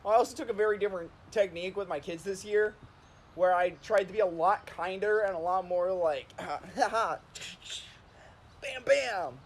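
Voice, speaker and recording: A man's voice: high-pitched, steady tone, a little fast, a little hiss or hum. A man chatting on a stream, telling stories in a rambling way, with lots of "like" and laughing at himself. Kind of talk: casual storytelling chat.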